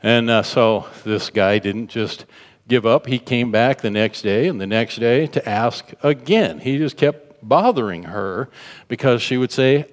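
A man's voice: medium pitch, expressive, a little slow. A man preaching a sermon, telling a story and acting out the people in it, repeating phrases for emphasis. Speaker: pastor. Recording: long hall reverb.

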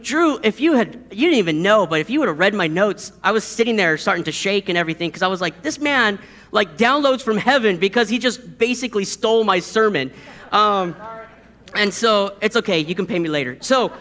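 A man's voice: extremely high pitch, sharp tone. A man in his thirties preaching a sermon, telling stories with chuckles and repeating key words for emphasis.

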